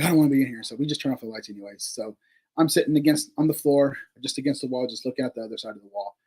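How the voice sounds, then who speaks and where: A man with a husky, slightly rough voice at a middling pitch tells a long story in a loose, conversational way. He rambles with plenty of fillers and casual swearing, and he laughs between remarks as he goes. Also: low-quality recording. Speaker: paranormal investigator guest.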